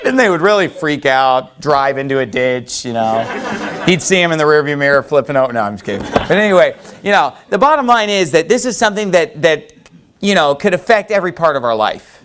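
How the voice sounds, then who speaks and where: Against a noisy background, a man preaches a conversational sermon in a fairly high voice with big pitch swings, talking fairly quickly. His style is rambling and folksy, full of restarts, asides and "you know."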